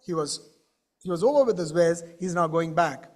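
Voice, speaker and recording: A man telling a story to a conference audience in an animated way, with questions to the crowd. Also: fairly high pitch, moderate pace. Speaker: keynote speaker. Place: conference stage.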